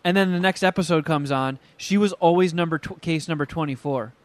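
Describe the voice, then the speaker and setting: A man in casual podcast chat, telling stories in a profane, animated way and acting out quotes. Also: a little high, brisk, no room sound.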